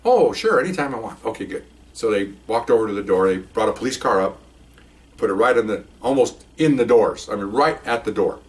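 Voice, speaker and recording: An older man, a retired police officer, telling a story in a casual, animated way, laughing and acting out voices. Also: fairly low pitch, a little fast, far from the mic.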